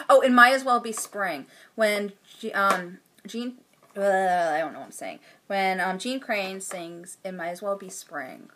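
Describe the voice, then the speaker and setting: A woman in her thirties talks casually as host of a knitting podcast, gushing with enthusiasm. Her voice is bright and sits at an average pitch. Now and then she drops into a hushed aside. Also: a little hiss or hum. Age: 30s. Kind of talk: casual chat.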